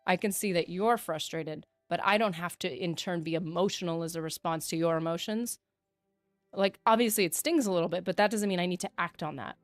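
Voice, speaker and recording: A woman's voice: fairly low pitch, fairly quick, no echo, clean studio sound. A woman streaming a game, chatting with her viewers in a reflective, talkative way. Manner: chatty and reflective, reads chat aloud. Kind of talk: casual livestream chat.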